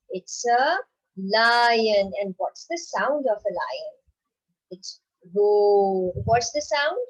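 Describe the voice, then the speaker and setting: A woman with a fairly high voice teaches young children at an unhurried, deliberate pace. She repeats each question and answers it herself, tagging "right?" onto almost every point. The recording sounds dull and lo-fi. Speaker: primary school teacher.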